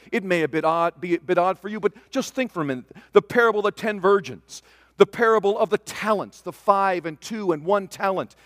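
A man preaching a sermon, swinging from loud declarations to hushed asides. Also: high-pitched, studio quality. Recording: long reverb of a large hall.

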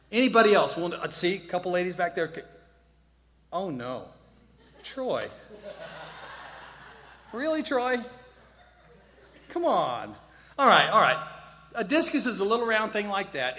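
A man's voice: a little high, bright, forceful tone, husky. A man in his sixties telling a self-deprecating story to a live audience, quizzing the crowd as he goes. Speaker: speaker. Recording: long hall reverb.

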